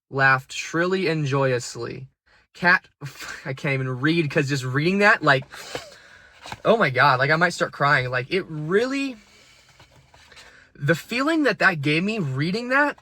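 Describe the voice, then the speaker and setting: Excitable, swearing man reviewing a book. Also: a little high. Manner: excitable, rambling, swears freely. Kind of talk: casual spoken book review. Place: parked car.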